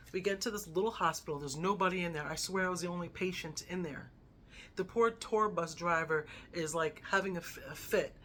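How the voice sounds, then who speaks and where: Chatty woman in her fifties, lowish voice. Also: slight background noise. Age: 50s. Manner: chatty, animated retelling, often adds "right?". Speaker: lifestyle vlogger. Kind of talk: personal storytelling.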